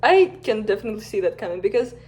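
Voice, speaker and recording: A young woman telling a fan-made story like a bedtime tale, in a soft, unhurried voice at an everyday pitch. She wanders into casual, rambling asides to her viewers between scenes. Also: sing-song, very noisy. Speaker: fan content creator. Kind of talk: reading a bedtime-story scenario and chatting.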